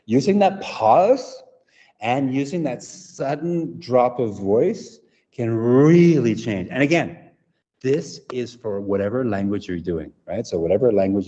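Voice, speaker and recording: Mellow and low-pitched, this presenter runs an interactive English teachers' workshop at an out-of-town conference venue. He demonstrates as he goes and repeatedly asks "right?" to check in with the audience, with the recording sounding echoey, dull, and lo-fi.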